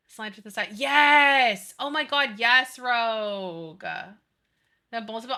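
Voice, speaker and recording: A woman's voice: fairly high pitch, unhurried, bright, forceful tone. A woman in her thirties chatting casually and animatedly with her live chat, giggling and gushing as she talks. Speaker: streamer.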